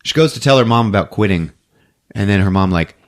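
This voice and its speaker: Animated man recapping a movie, laughing. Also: quick pace. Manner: animated, laughs often, slips into high put-on voices for characters. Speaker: podcast host. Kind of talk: casual movie recap with quoted voices.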